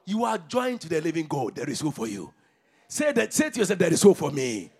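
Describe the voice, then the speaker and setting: Fervent raspy high-pitched preacher man. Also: huge pitch swings, a little fast. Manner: fervent preaching that swings between shouts and low murmurs, with call-and-response. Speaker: pastor. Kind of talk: sermon.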